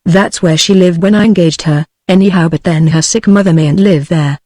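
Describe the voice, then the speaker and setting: A synthetic female voice in British English, fairly low-pitched and at normal speed, sounds natural in a dry, studio-quality recording. Delivering the lines of an anxious woman singer, it stays flat and keeps the same voice throughout.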